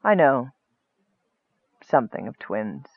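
Guy doing a low hissy sneering wizard, coughy and frail, dry tinny audio. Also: normal speed, no room sound. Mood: dark. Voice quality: soft hissing voice. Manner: calm, sneering. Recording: tinny phone-like dry sound.

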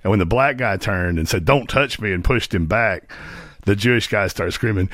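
A man's voice: low voice, fairly quick, a bit bright. A man hosting a live stream, giving sarcastic, mocking commentary on clips. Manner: mocking, sarcastic, laughs at own jokes. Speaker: host.

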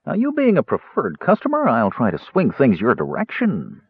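A man voicing a smooth, persuasive human dealer who sells prisoners with salesman patter. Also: medium pitch, wildly swooping pitch, normal speed, no room sound, voice pushed up, full character voice. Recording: narrow tinny phone-like audio.

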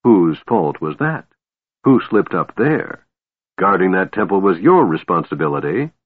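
A man voicing a cold, scheming female warlord who speaks coolly and smoothly. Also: low-pitched, very animated, measured pace, dry recording, full character voice. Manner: cool, cutting, smooth. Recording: narrow phone-like sound, dry.

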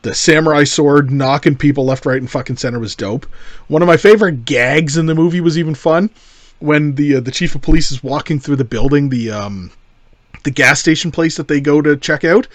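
A man's voice: fairly high pitch, a little fast, dry recording. A man co-hosting a film podcast, laid-back and profane, laughing easily. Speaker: podcast co-host reviewing a film. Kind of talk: casual chat.

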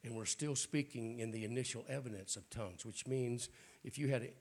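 A man, a bishop, preaching a sermon at a church prayer night in a raspy voice with folksy jokes and frequent throat clearing. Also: mid-range voice, a little fast, a little mellow. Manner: folksy, joking preacher talk.

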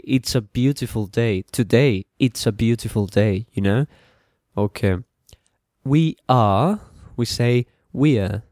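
Casting: male teacher, slow patient drilling, dry close mic. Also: medium pitch, a little mellow, dry recording. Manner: slow, repetitive drilling, switching to Spanish translations. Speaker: English teacher. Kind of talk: bilingual English lesson podcast.

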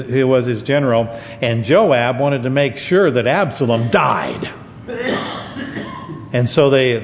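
Preacher man in a reverberant church. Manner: conversational, with restarts, reads scripture aloud. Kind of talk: sermon with scripture reading. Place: church sanctuary. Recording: dull lo-fi church recording with long reverb and faint rumble.

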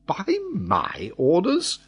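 A man's voice: fairly high pitch, very animated, unhurried, voice pushed up. A man doing a vehement, urgent nobleman. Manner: vehement, questioning. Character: urgent male nobleman and expedition leader.

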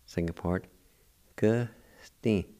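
An older man hosting a radio language lesson, spelling words letter by letter and repeating each pronunciation slowly. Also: low voice, dark tone. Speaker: radio host teaching language.

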